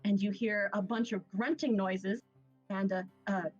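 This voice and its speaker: A woman's voice: mid-range voice, a little fast, muffled recording, faint music behind. A woman acting as game master, narrating a tabletop game in a casual, chatty way with many fillers. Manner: casual, laughing, full of fillers.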